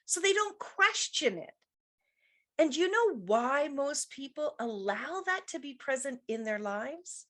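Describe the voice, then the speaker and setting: A woman's voice: high-pitched, very animated, a little slow, a bit bright. A middle-aged woman hosting a motivational business show, talking emphatically and repeating her key points. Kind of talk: motivational talk show monologue.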